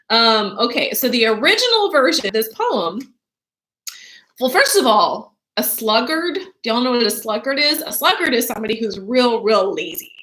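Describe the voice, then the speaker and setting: A woman teacher, animated and chatty, reading a book aloud for children and asking them questions. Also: a little high, normal speed.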